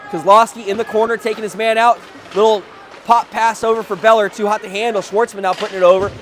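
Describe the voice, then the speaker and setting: A man doing live play-by-play of a youth hockey game, with quick calls that jump up at big plays and joking asides. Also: high-pitched, fairly even intonation, fairly bright tone, a little hiss or hum. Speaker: play-by-play commentator.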